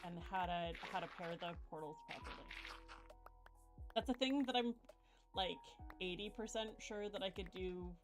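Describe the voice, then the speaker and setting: A woman's voice: lowish voice, expressive, normal speed, long pauses. A woman streaming a game, chatting casually and rambling, with frequent giggles. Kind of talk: casual chat while gaming. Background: game music.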